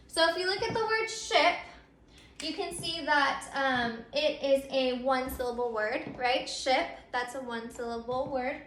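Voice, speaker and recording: A woman's voice: high-pitched, pushed and bright, a little hiss or hum. A woman teacher explaining grammar step by step, repeating her points with frequent ums. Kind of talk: recorded grammar lesson. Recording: echoey room.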